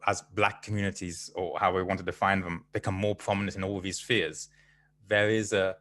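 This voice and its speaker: A man's voice: low voice, little pitch movement, fairly quick, a bit bright. A man speaking as a panelist in an online academic discussion, cautious and hesitant, repeating his words. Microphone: video call.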